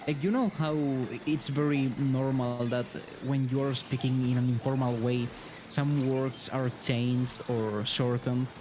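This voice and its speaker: A man's voice: mid-range voice, little pitch movement, a little slow, noisy background. Hesitant European man. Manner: hesitant, restarts words, curious questions. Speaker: co-streamer. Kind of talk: casual chat while gaming.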